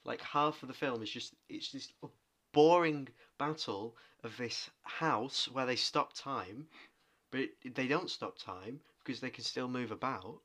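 A man co-hosting a podcast, retelling things in a rambling, animated way. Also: medium pitch, measured pace. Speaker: podcast co-host. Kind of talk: casual chat.

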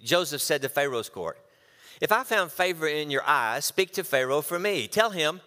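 A pastor preaching a sermon, animated as he reads scripture and acts out the quotes. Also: a little high, moderate pace, in a large hall. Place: church.

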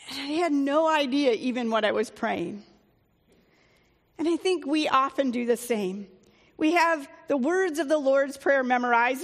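A woman's voice: high voice, long reverb tail. A woman pastor giving a sermon in a conversational, plain-spoken way, with the odd filler.

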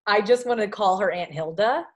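Woman cohosting a podcast, mid-pitched, says like a lot, super casual. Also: brisk. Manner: chatty, with lots of fillers like "like". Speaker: podcast co-host. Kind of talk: casual chat.

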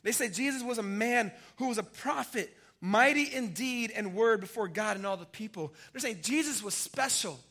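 High, bright-voiced preaching man. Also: lively intonation, normal speed, few pauses. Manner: dramatic swings between loud emphasis and hushed lines; retells the scripture story vividly, speaking to the congregation as family. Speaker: pastor. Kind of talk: sermon.

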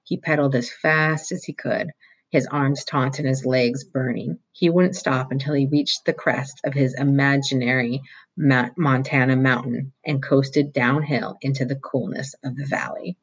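Husky reader going through a novel chapter, mid pitch, steady with little slips. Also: moderate pace, poor audio. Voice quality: steady reading with small slips and restarts. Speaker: audiobook reader. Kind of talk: reading a novel aloud.

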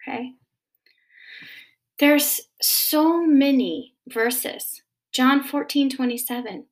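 A woman counselor explaining anxiety gently, often checking in with "okay?", then reading scripture. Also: high voice, drawn-out words, pauses often. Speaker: Christian counselor teaching about anxiety. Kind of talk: faith-based teaching talk.

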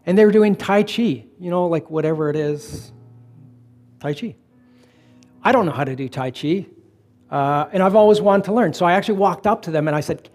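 Middle-aged pastor, a man with a fairly high voice; easygoing sermon with slow emphatic beats. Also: soft background music. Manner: relaxed storytelling, slowing for emphasis. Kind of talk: conversational sermon.

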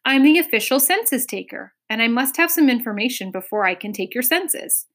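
A woman voicing a fussy little man who is an official census taker, rattling off long lists in a brisk, officious manner. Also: fairly high pitch, animated, a bit bright, pitched above the performer's own voice. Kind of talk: storybook character voice.

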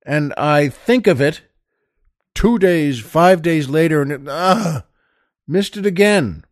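A man's voice: fairly high pitch, no room sound, clean studio sound. An older man hosting his own show, talking to listeners in a chatty, enthusiastic, rambling way with many asides. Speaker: show host. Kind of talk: casual monologue to listeners.

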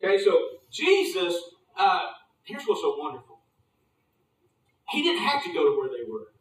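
A high-pitched male preacher delivers a sermon in a loose, conversational way and keeps checking in with the congregation. His voice rings through a roomy, echoing space, picked up by a mic some distance from him. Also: huge pitch swings, moderate pace, fairly bright tone. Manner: conversational, asks the congregation questions.

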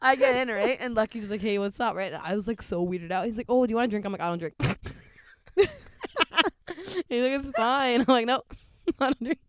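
A young woman in casual chat, telling an animated story full of swearing and quoted voices. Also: medium pitch, fairly quick, smooth, no room sound.

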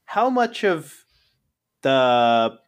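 A man's voice: medium pitch, big pitch swings, drawn-out words, smooth. A man playing his character in a tabletop game, hesitant and full of ums and uhs. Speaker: player.

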